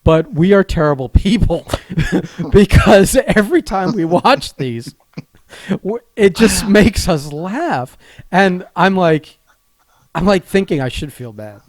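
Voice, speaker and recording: A man's voice: high-pitched, expressive, takes it slowly, a little mellow, no echo. A man co-hosting a podcast in casual chat, often breaking into laughter as he talks. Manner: laughs often while talking. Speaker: podcast co-host.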